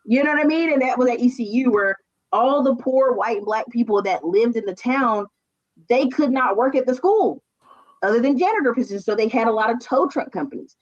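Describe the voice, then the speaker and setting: A woman chatting casually on a stream, telling stories with quick asides. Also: a little high, muffled recording. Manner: animated storytelling, quick asides. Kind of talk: casual chat.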